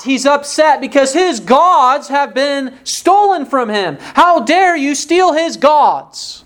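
A man preaching a sermon, reading scripture aloud and asking rhetorical questions, his pitch jumping up for emphasis. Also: clean tone. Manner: pitch rises sharply for emphasis.

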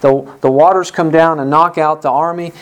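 Guy with a high voice preaching, emphatic, repeats lines for punch. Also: fairly even intonation, moderate pace, rough recording. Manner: emphatic, repeating phrases for stress. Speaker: pastor; parent. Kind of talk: sermon.

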